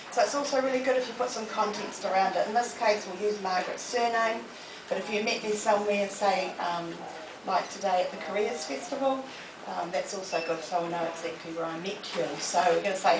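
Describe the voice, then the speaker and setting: A woman, giving a lively, humorous motivational talk to a live audience in a library. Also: mid-range voice, a little fast. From New Zealand. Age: 40s. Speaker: motivational speaker. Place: public library hall. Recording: echoey room, distant mic, noisy.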